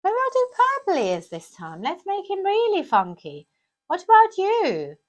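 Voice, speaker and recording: A woman's voice: very high voice, huge pitch swings, moderate pace, a little mellow. A woman in her thirties presenting a children's crafts lesson, talking in a sing-song teacher's voice full of questions to the kids.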